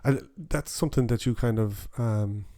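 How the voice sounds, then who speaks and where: A man's voice: medium pitch, moderate pace, mellow. Host: man with a mid-range voice, brief prompting questions, casual chat. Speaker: podcast host. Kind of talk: casual interview.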